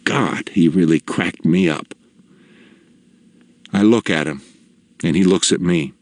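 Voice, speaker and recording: A man narrating a personal story in the first person, slow, measured and reflective. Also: low-pitched, dry recording.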